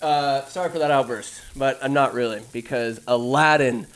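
A man giving casual, animated commentary while ranking movies, swearing freely and a bit tipsy. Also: medium pitch, normal speed. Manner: animated, swinging from musing to shouting; swears freely, talks to himself. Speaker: vlogger ranking films.

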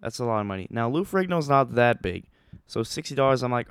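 A man's voice: medium pitch, quick pace, smooth, dry recording. Young man telling a rambling story. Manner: rambling, excitable, many fillers and restarts. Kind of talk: casual storytelling vlog.

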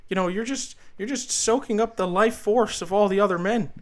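A man's voice: high voice, a little fast, close to an everyday voice. A man doing a crude impression of a ranting male pundit professor on a comedy podcast. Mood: lecturing rant.

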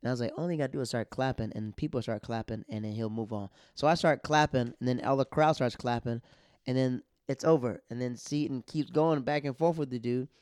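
A young man telling a comic story, animated and acting out other people's lines in louder, higher voices. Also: a little fast, smooth, no room sound, studio quality. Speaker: stand-up comedian. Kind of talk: storytelling comedy monologue.

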